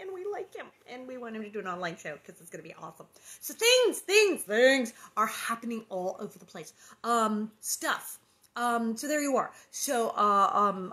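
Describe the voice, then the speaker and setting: A woman hosting an online book reading, chatting in a rambling, lively way with lots of fillers and quick laughs. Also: mid-range voice. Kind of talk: casual chat between readings.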